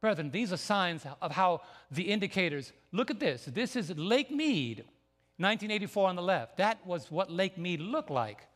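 A man preaching a sermon as pastor, emphatic and building to near shouts. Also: sits high, sing-song, normal speed. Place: church sanctuary. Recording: long church hall reverb.

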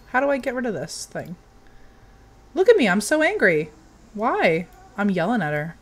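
A young woman giving casual commentary while playing a game, chatty and given to sudden excited outbursts. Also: medium pitch, moderate pace. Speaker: game streamer.

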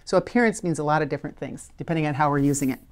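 A woman's voice: sits low, darkish tone. Patient woman teaching spelling. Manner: patient, encouraging, sounds out letters slowly. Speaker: literacy teacher. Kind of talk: video spelling lesson.

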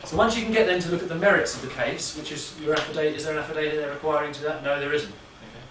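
A man's voice: fairly high pitch, racing. Rambling man in an echoey room. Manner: rambling, chatty, punctuates with "yeah?". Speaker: speaker. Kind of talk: casual talk to a live audience. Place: room with an audience. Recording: echoey room, distant mic, faint noise.

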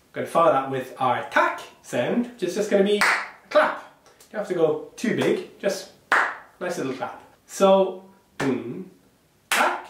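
A man leads a percussion workshop in an animated, sing-song way, chanting rhythm syllables to show each beat and cheering the group on. His voice sits a little high for a man. The sound is very echoey and a bit distant, as if picked up across a bouncy room. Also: background noise. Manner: encouraging, demonstrates rhythm syllables out loud. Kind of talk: online workshop instruction. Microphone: small clip-on microphone.

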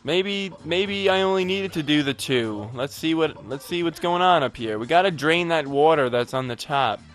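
A man's voice: a little high, lively intonation, moderate pace, fairly bright tone, faint music behind. A man giving casual gameplay commentary, frustrated and profane, rambling while a bit tipsy. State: tipsy from drinking. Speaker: let's play gamer.

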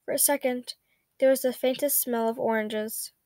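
A woman reading a story aloud at a steady pace, with small slips and self-corrections. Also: fairly high pitch, moderate pace, no room sound. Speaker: fanfiction reader.

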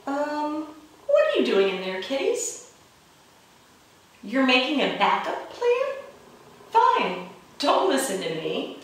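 A woman reads a picture book to children in a slightly high, very animated voice, playful and expressive with roars and chuckles. She takes her time over every line. The sound is roomy and distant, with faint background noise. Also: slow, pauses often. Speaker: children's librarian. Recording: echoey room from far off, faint noise.

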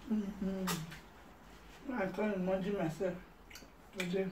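A Nigerian-accented woman chats and teases through a casual mukbang, laughing easily and slipping into pidgin. Her voice sits at a middling pitch. The mic is set back from her in a roomy space with faint background noise. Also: little pitch movement, slow pace. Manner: playful, laughs often, teasing, mixes in pidgin. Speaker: vlog host. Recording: roomy sound from a distant mic.

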